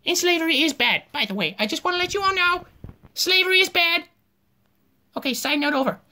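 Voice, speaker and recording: Jeffrey, a squeaky cartoon giraffe, voiced by a woman. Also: expressive, a little fast, pushed and bright, full character voice. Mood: flippant. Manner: offhand and crude, with sloppy fillers and swearing. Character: goofy cartoon giraffe history teacher, crude and flippant. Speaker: teacher. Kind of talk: comedic cartoon narration.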